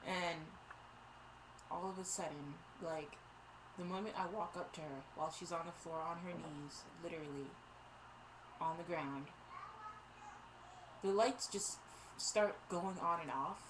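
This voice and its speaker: A young woman recounts a college story in a casual vlog, her voice sitting a little low. She talks in an animated, exasperated way and breaks into laughter now and then. A steady hiss of noise runs under the recording. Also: a little slow, long pauses. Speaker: vlogger.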